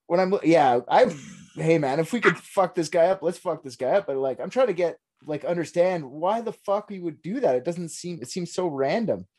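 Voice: mid-range voice, animated, moderate pace, a little mellow. Swearing, baffled podcast co-host. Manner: swears freely, reacts in confused disbelief. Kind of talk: casual chat.

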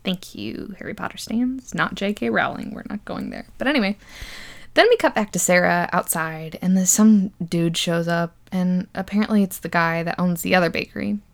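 A woman's voice: lowish voice, normal speed, creaky. A young woman hosting a podcast, casually recapping a movie with sarcasm, frequent laughter and plenty of swearing. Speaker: podcast host.

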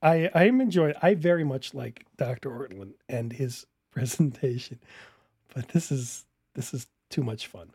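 A man's voice: medium pitch, lively intonation, moderate pace, darkish tone, husky, dry recording, clean studio sound. A man commenting casually on a video he is watching, interrupting it with incredulous, laughing rebuttals.

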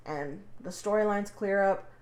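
A woman's voice: mid-range voice, a little slow, darkish tone. A woman co-hosting a casual podcast, talking expressively, swearing and groaning. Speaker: podcast co-host. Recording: echoey room.

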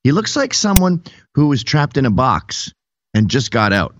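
Male podcast host, lively, mocking delivery, dull dry lo-fi sound. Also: mid-range voice, normal speed, a little hiss or hum. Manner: animated, mocking, puts on voices. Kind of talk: casual comedic chat.

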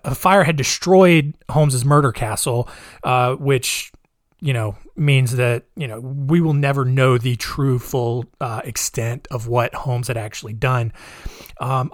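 A man's voice: medium pitch, dry recording. A man casually retelling a true-crime story, hesitant and wry, with many restarts. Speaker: podcast storyteller.

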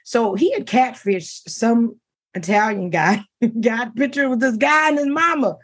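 A middle-aged woman co-hosting a talk show, telling a dating story in casual chat, animated and laughing as she quotes the men. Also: a little high, a little slow, slightly rough.

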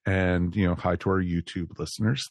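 A man's voice: deep voice, steady tone, normal speed, no echo. A man hosting a podcast, chatting in an upbeat way with lots of fillers. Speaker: podcast host. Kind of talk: casual chat.

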